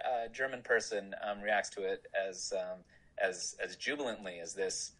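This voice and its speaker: A man's voice: lowish voice, moderate pace, a bit bright, low-quality recording. A man, a film director, answering interview questions in a rambling, self-deprecating way with frequent laughs.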